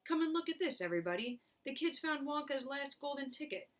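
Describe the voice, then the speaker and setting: Woman doing a fat, excitable shopkeeper. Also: medium pitch, normal speed, lightly acted. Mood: shrieking excitement. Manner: shouting, breathless excitement when thrilled.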